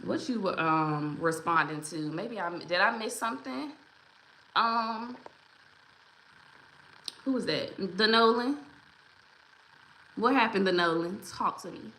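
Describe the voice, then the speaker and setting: A woman's voice: mid-range voice, expressive, slow pace, pauses often, bright, forceful tone, a little hiss or hum. A woman hosting a casual livestream, chatty and encouraging as she greets viewers by name. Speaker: livestream host. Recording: roomy echo.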